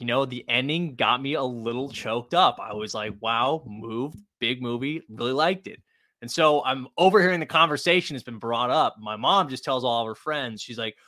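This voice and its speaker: A man co-hosting a sports podcast, chatting casually in an animated, joking way and swearing now and then. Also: mid-range voice, moderate pace, no room sound, clean studio sound. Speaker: podcast co-host.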